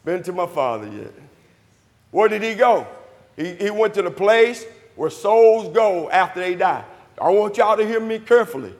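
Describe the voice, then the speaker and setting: A high-voiced man preaches in a church, firing questions at his listeners and answering them himself. He swings from loud shouts down to near murmurs. The sound rings with a long hall reverb. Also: moderate pace. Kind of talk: sermon.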